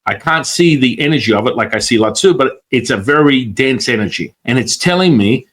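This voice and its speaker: A man's voice: mid-range voice, brisk, hardly any pauses. A man telling a story in casual conversation as a guest, acting out the voices of the people he quotes. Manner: animated, acts out quoted voices.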